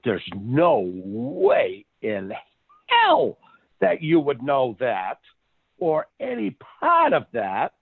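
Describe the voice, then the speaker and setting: Gravelly man on a phone line. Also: mid-range voice, dry recording. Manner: animated storyteller, restarts a lot, laughs often. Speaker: psychic medium guest. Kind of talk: casual podcast chat. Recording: tinny phone line, dry.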